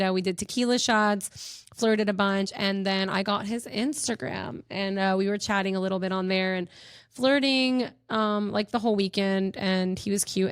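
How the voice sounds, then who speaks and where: A young woman tells stories on her own podcast in a bubbly, gushing way, giggling often. Her pitch sits in the middle for a woman. The recording is close and dry, with no room sound. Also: clean tone, no echo. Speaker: podcast host. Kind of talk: casual chat.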